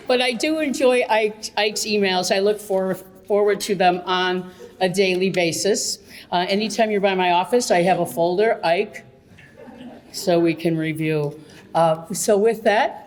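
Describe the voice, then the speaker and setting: A woman's voice: on the low side, normal speed. A woman emceeing an event, talking to an audience in a playful, teasing way and laughing as she speaks. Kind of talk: public speech at an event.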